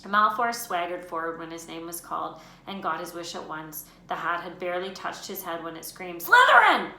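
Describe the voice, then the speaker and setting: A woman teacher reading a children's book aloud in an expressive storytelling voice. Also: on the low side, moderate pace. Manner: expressive, lifts her voice for names and shouts. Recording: roomy room echo, faint noise.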